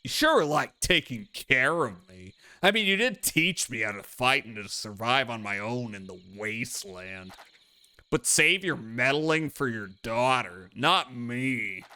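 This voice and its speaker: A man's voice: medium pitch, lively intonation, a little slow, sharp tone. A man reading the lines of a brash, aloof young male drifter from a video game, curt and dismissive. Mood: irritated.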